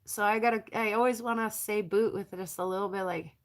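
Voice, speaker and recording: A woman's voice: mid-range voice, steady tone, a little fast. A woman from the North American prairie, chatting casually and rambling to her viewers as a rockhounding vlogger, laughing often.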